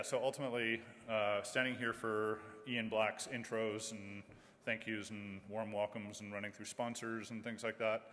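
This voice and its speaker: Guy doing a mic check on a big stage, counting one two three, lowish voice, lots of hall reverb. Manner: counting into the mic, demonstrating loud and soft speech. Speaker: event sound technician. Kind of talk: mic check and run-through. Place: large event hall with a stage. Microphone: stage microphone through a PA.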